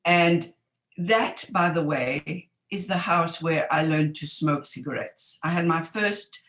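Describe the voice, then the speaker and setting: A woman in her seventies calmly sharing childhood memories, reflective and wry. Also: low voice, roomy sound, low-quality recording. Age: 70s. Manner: unhurried, reflective, with wry asides. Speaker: community member sharing memories. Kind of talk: reminiscing oral history.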